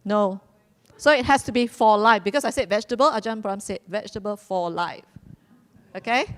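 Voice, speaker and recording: A woman with a mid-range voice and a brisk pace hosts a live quiz at a community celebration. She's playful, repeats her instructions, and laughs now and then.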